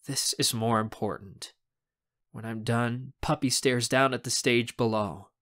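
Bright-voiced male audiobook narrator. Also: medium pitch, measured pace. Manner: expressive, acts out the scenes. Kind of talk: first-person audiobook narration.

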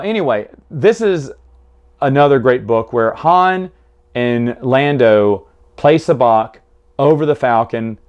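Man, casual book-recap host, excited and rambling, average pitch; reads warm and unpolished. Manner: enthusiastic, rambling with restarts.

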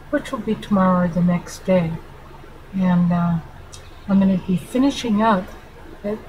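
A woman's voice: mid-range voice, background noise. A middle-aged woman, a family therapist, speaking earnestly and affectionately straight to her viewers in a heartfelt vlog. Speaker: family therapist and channel host. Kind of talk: heartfelt direct-to-camera vlog.

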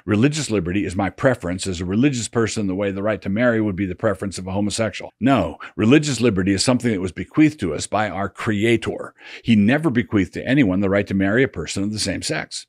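Older guy reading his essay out loud, husky voice kinda low, dry close mic, sardonic. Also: no room sound. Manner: sardonic, measured, drops voice for quotes. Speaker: pastor and blogger.

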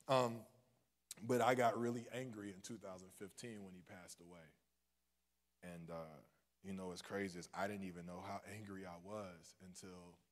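A young man from Ohio preaching a sermon as a minister, talking conversationally with joking asides and swinging from hushed lines to loud ones. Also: lowish voice. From Ohio, United States.

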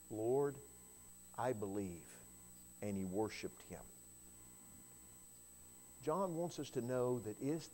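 A man preaching in a church, voice of middle pitch. He tells the story with a lot of build, dropping low and quiet, then climbing to loud, ringing cries. He repeats a word or two as he gets going. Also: a little hiss or hum. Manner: storytelling sermon with wide swings in loudness, rising to cries; repeats words when starting a phrase. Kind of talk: sermon.

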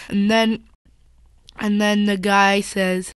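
Slow, rambling female gameplay commentator. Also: medium pitch, little pitch movement, clear, resonant tone, no echo, low-quality recording. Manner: rambling, chatty, often correcting herself mid-sentence. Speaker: gaming channel host. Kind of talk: casual Minecraft gameplay commentary.

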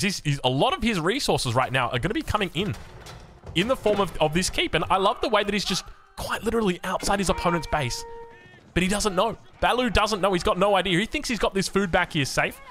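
A man's voice: sits high, very animated, brisk, a bit bright. A young man with an Australian accent, casting a strategy game with jokey, rambling asides. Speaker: game caster. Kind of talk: game commentary with chatty asides.

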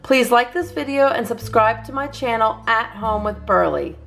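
A woman reading a children's picture book aloud in a lively, sing-song way. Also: on the high side, moderate pace, gravelly, faint music behind. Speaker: children's story reader. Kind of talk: read-aloud storytime.

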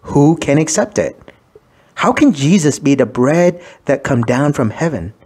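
Priest giving a measured sermon. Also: male voice, a little high, sing-song, a little mellow, husky. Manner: measured, explanatory, quotes scripture aloud. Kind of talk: sermon reflection.

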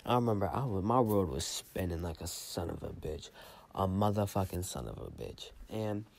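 A young man telling a casual storytime in a rambling, slangy, profane way, a little high. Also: lively intonation, normal speed, creaky. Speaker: vlogger.

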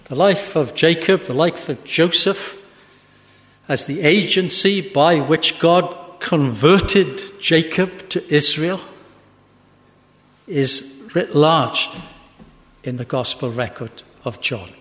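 A man preaching a sermon, slow and measured, rising to a fervent pitch at his climaxes. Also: fairly bright tone. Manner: slow and measured, with long pauses. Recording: hall reverb.

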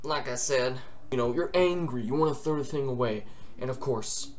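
A man's voice: mid-range voice, moderate pace, a little hiss or hum. Young man ranting jokily. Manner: joking, swearing, exaggerated. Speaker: gaming vlogger. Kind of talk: rambling comedic rant.

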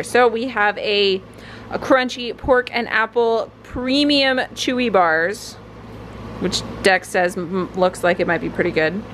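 A woman's voice: fairly high pitch, background noise. A young woman chatting casually in a home vlog, often switching to a sing-song voice for her dog. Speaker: vlogger. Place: home living room.

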